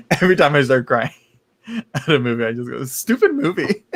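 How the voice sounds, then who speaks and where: A man's voice: mid-range voice, a little fast, a bit bright. A man doing a live tarot reading stream, chatty and campy, laughing often and calling viewers "girl". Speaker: tarot reader.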